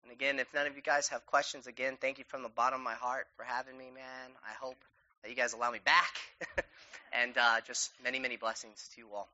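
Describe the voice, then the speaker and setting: A man's voice: medium pitch, flat delivery, fast, sharp tone. Enthusiastic man speaking and praying. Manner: enthusiastic, laughs often, says dude and man. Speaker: guest speaker. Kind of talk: casual talk and spoken prayer. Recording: dull lo-fi recording.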